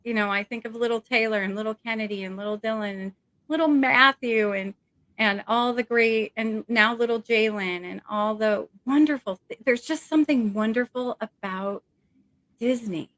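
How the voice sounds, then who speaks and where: A woman's voice: on the high side, normal speed, a bit bright, no room sound. A middle-aged woman talking as an interview guest over a video call, rambling and emotional with many fillers.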